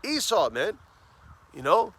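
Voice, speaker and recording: A man preaching on the street, fervent, tagging phrases with "man" and "all right?" and reading scripture slowly and emphatically. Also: high voice, big pitch swings, a bit bright, no echo. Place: outdoors on a city street.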